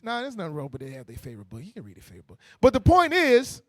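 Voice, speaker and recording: A man preaching a sermon in a lively, conversational way, using with slang, quick restarts and playful mocking asides. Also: high voice, no room sound. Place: church meeting hall.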